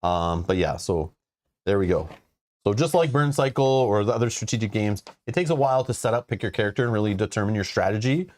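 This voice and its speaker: A man's voice: lowish voice, lively intonation, brisk, a little mellow. A man hosting a casual livestream about board games, talking in a loose, rambling way and often restarting his sentences. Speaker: host of a board game channel.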